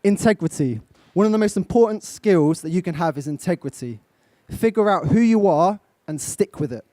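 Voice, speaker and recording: A man's voice: sits high, lively intonation, normal speed, dark tone, no echo. A young man from England giving a live motivational talk, direct and coaching, putting questions to his audience. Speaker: motivational speaker. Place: event stage.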